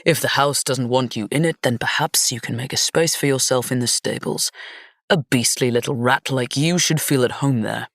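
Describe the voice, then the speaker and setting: Woman voicing Aris, a sneering gravelly nobleman. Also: very deep voice, normal speed, dry recording, studio quality. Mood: scornful. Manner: sneering, insulting. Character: haughty young nobleman, scornful and smug. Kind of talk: audiobook character reading.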